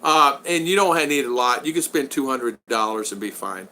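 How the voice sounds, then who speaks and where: An older man from Utah hosts a casual livestream from his home, chatting and rambling through viewer questions in an upbeat mood. His voice is bright and forceful. A faint hiss of background noise runs under the talk. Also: medium pitch, animated, normal speed. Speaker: livestream host. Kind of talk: casual livestream chat reading viewer comments. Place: home in the Philippines.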